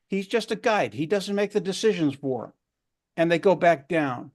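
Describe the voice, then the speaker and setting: A man's voice: high voice, lively intonation, normal speed. A man at a round table, telling a motivational story in an earnest way and repeating words for emphasis.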